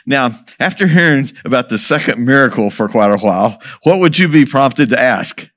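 Lively storytelling man with a mid pitch. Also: normal speed. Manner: lively storyteller who asks the audience questions and chuckles. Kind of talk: storytelling talk to an audience.

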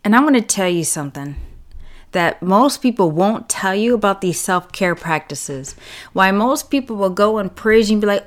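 A woman vlogger talking straight to the camera, blunt and sarcastic, stressing her words and leaving long pauses. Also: mid-range voice, expressive. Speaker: relationship and self-care vlogger. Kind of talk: casual direct-to-camera monologue.

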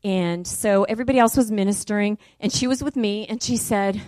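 A middle-aged woman preaches to her congregation, chatty in one breath and fervent in the next, her pitch and volume climbing as her story builds. Her voice sits in a plain middle register and is recorded close and dry, with no room sound around it. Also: brisk, no room sound. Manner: animated, rising loud and high in the story. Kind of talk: sermon with testimony.

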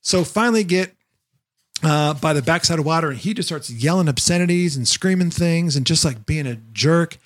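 A man's voice: on the high side, lively intonation, moderate pace. A man co-hosting a podcast, telling a long story in casual chat and acting out the quotes as he goes. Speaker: podcast co-host, former Jungle Cruise skipper.

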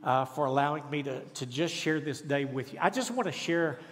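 A middle-aged man with a high-side voice delivers a guest sermon at normal speed, full of folksy, self-deprecating stories and humor. The church sanctuary gives long reverb, and the congregation responds throughout.

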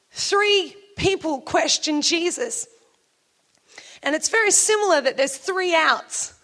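High-voiced woman preaching with animated storytelling. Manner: animated storytelling, acting out quoted speakers. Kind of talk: sermon.

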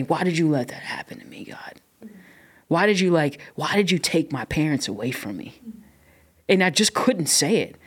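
A woman guest on a podcast, talking with passion and emphasis as she shares her faith story. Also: sits low. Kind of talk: casual podcast conversation.

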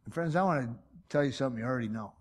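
A man's voice: mid-range voice, very fast. Emphatic man in his fifties preaching. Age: 50s. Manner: emphatic, asks rhetorical questions, folksy. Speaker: pastor. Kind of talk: sermon.

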